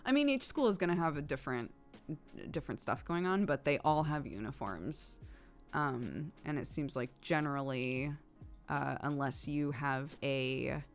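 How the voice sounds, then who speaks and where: A woman in her thirties, streaming and chatting casually while gaming, telling stories and laughing often. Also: sits low.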